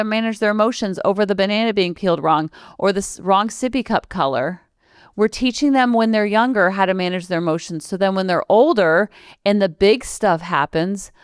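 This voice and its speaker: A woman's voice: medium pitch, clean tone, no room sound, clean studio sound. A woman in her forties hosting a parenting podcast, chatting casually and piling up long lists of examples. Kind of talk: casual solo podcast talk.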